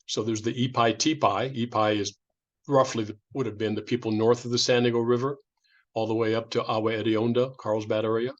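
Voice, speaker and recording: A man's voice: mid-range voice, level tone, a little fast, muffled recording. A man from California giving an informal public lecture, talking in a conversational way with restarts and imitated sounds. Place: indoor lecture room.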